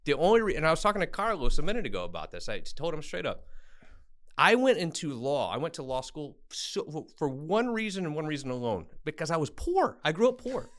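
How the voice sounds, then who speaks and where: A man's voice: a little high, brisk. A man from Tennessee, a guest attorney, telling his story bluntly and with self-deprecating humor in an interview. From Tennessee, USA. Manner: blunt, self-deprecating, animated when quoting people.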